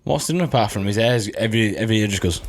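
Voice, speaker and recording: A man's voice: fairly low pitch, rapid-fire, noisy background. A man co-hosting a podcast, teasing and rambling, swearing freely in casual beer-tasting banter. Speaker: podcast co-host. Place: room, indoors.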